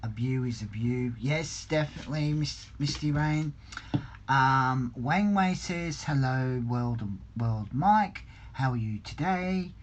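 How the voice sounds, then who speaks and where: A man talking slowly and unhurriedly on a casual livestream, pausing often with ums and restarts. His pitch sits in an ordinary middle range. He reads viewer comments aloud and chats back to them from his hobby room. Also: a little hiss or hum. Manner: slow, hesitant, many ums and restarts. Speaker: livestream host.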